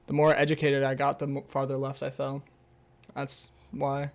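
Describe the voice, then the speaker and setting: A young man talking on a casual livestream, stumbling through an article he reads aloud and breaking off into sarcastic, swearing asides. His voice sits a bit higher than most men's, and his talk is loose and rambling. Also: fairly even intonation, a little slow, pauses often. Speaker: streamer.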